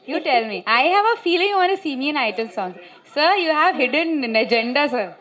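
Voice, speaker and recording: A woman, an actress answering reporters at a press event in an animated, chatty storytelling way, full of "like" fillers. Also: high-pitched, brisk. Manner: animated, chatty, many "like" fillers, laughs often. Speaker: actress at a film press meet.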